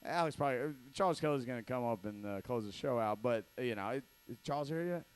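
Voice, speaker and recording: A man's voice: mid-range voice, animated, fast talker, clean tone, no echo. A man hosting a comedy show, rambling through profane, loose banter and laughing at his own jokes. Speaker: show host. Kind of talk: loose stand-up banter on stage.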